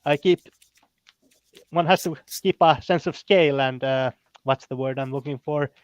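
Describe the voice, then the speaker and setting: A man with a Finnish accent talking as a guest in casual chat, pausing often with fillers and restarts. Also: fairly high pitch, clean tone, no echo, dull audio. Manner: halting, many fillers and restarts.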